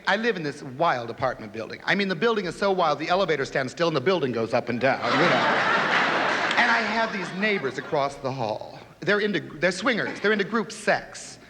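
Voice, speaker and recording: A man's voice: high voice, sing-song, normal speed. Campy man doing drag stand-up. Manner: campy, flamboyant joke delivery. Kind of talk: stand-up comedy. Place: TV studio stage before a laughing audience. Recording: 1970s TV audio with a live audience, hiss and hall reverb.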